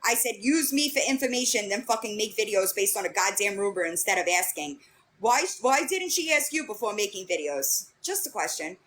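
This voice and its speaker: A woman's voice: mid-range voice, lively intonation, a little fast, a bit bright, a little hiss or hum. A young woman hosting a livestream, bluntly retelling an argument line by line with plenty of swearing. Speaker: livestream host. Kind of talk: casual livestream rant.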